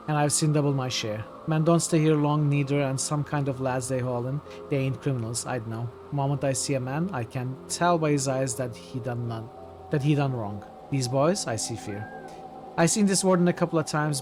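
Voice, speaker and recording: A man reading as a rough, weary convict. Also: medium pitch, a little mellow, slight background noise, close to an everyday voice. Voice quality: rough, slangy speech with dropped grammar. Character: rough, weary male convict writing a prison note.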